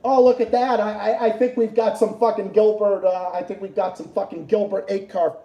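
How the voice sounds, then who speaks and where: A man's voice: high voice, fairly even intonation, fairly quick, roomy sound, muffled recording. A man hosting a livestream, in a furious, profane political rant that keeps repeating itself. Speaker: livestream host.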